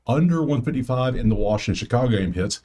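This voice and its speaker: A man's voice: mid-range voice, lively intonation, fast talker, warm tone. A man hosting a sports betting video, chatting casually through stats and picks and muttering asides to himself. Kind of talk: casual solo commentary over a spreadsheet.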